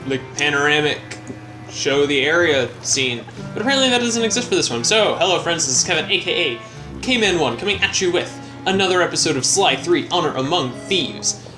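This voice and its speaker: A young man hosts a laid-back gameplay commentary, rambling and poking fun at his own playing. His voice sits somewhat high, and clear game music plays behind him. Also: expressive, brisk, low-quality recording. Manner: rambling, self-mocking and joking. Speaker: let's play host.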